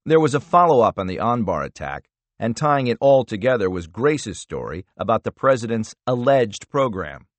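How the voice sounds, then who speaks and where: A man narrating a thriller audiobook in a steady, measured reading style. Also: mid-range voice, dry recording. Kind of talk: scripted narration.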